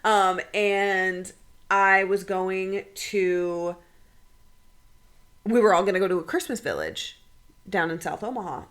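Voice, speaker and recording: A young adult woman co-hosting a podcast, telling an emotional story casually, swearing freely and quoting people in quick bursts. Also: mid-range voice, expressive, fairly bright tone. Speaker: podcast co-host.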